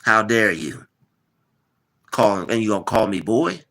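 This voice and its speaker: A man's voice: on the low side, expressive, a little slow, pushed and bright. A man hosting a live stream, talking casually, teasing and replying to his chat with lots of repetition. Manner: mocking, repetitive, replies to chat.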